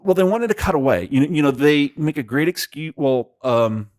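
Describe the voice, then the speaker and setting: A man's voice: fairly high pitch, lively intonation, brisk, a little mellow, no room sound, clean studio sound. A man co-hosting a casual movie podcast, rambling with lots of fillers and restarts. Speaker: podcast co-host.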